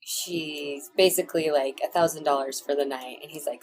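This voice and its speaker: A woman co-hosting a movie podcast, telling her favorite scene in a casual, lively way and swearing now and then. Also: deep voice, normal speed, few pauses, faint music behind, rough recording. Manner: lively storytelling, swears, laughs often. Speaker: podcast co-host. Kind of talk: casual movie recap chat.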